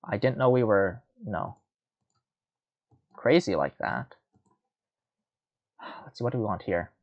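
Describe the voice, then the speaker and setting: A man's voice: lowish voice, animated, unhurried, muffled recording. A man giving casual, rambling commentary while playing a card game, muttering and mocking himself.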